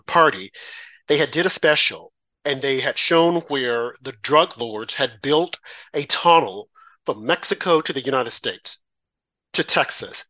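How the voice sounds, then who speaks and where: A man's voice: medium pitch, sharp tone. A man co-hosting a political commentary show, ranting with pointed rhetorical questions. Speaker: co-host.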